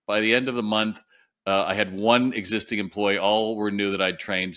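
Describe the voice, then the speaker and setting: A man's voice: lowish voice, brisk, a bit bright. A man being interviewed as a retail consultant, telling stories and acting out quoted dialogue. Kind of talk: storytelling in an interview.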